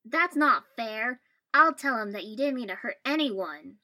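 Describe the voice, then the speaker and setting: A woman reading a story aloud, voicing a loud, excitable, melodramatic boy ninja who yells. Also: a little high, unhurried, voice pushed up, exaggerated voice. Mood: outraged. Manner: yelling, melodramatic.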